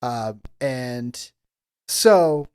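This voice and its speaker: A man's voice: mid-range voice, lively intonation, drawn-out words, a little mellow, clean tone, no room sound, clean studio sound. A man co-hosting a casual podcast chat, telling stories animatedly with lots of filler words. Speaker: podcast co-host.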